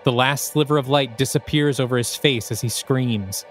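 A man's voice: mid-range voice, normal speed, faint music behind. A man, the host of a podcast, reading his own screenplay aloud with dramatic, descriptive present-tense narration.

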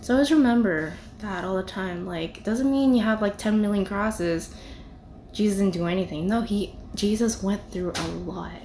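A woman's voice: medium pitch, moderate pace, a little mellow, slight background noise. A young woman giving a casual devotional talk, conversational and full of "you know" and "like". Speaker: devotional video speaker.

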